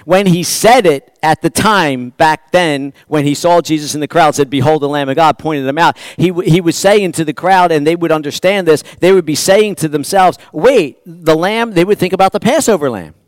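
A man's voice: a little high, fairly quick, few pauses, no room sound. A man pastor preaching a sermon in a church, talking in a conversational, rambling way with restarts and repeated words.

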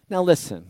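A pastor preaching a sermon in a lively, animated way, acting out quoted voices and laughing often. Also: male voice, dry recording.

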